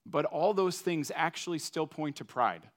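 A man's voice: fairly high pitch, lively intonation, normal speed. A man from Minnesota giving a conversational sermon to a congregation, using everyday examples. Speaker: preacher.

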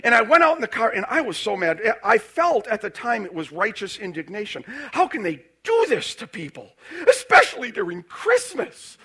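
A male pastor tells a story from the pulpit in a high, very lively voice. His tone is bright and husky, with gravelly fry, and he acts out quotes with many restarts. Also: moderate pace. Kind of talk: sermon storytelling.

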